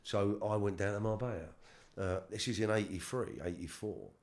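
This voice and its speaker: A middle-aged man from London, England, with a very deep, slightly mellow voice tells his life story as an interview guest. He speaks haltingly, often stopping to repeat himself, and his talk is loose and full of street slang.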